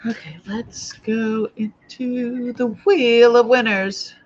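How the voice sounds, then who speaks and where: A woman's voice: a little high, steady tone, takes it slowly, highs cut off. A woman with an old Boston accent hosting a live jewelry sale, chatting casually and thinking aloud as she looks over each piece. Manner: chatty, thinking aloud while handling items. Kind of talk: casual live-stream chat.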